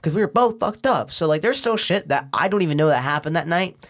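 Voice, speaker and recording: A young man recounts a messy night to a friend on a podcast, swearing freely and breaking into laughter. His voice sits a little high. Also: quick pace. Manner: animated, swearing, laughing often, slangy. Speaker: guest. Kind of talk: casual storytelling chat.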